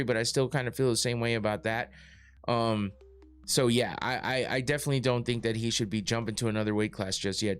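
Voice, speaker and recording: A man's voice: medium pitch, clean tone. A man hosting a casual podcast, rambling through his points with lots of fillers, restarts and swearing. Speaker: podcast host reading live chat.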